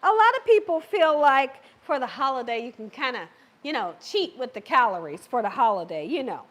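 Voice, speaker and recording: A woman's voice: high-pitched, very animated, brisk, fairly bright tone. A woman hosting a live cooking stream, chatting playfully with her viewers and the live chat and laughing as she cooks. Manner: playful, laughs and cheers herself on. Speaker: cooking show host.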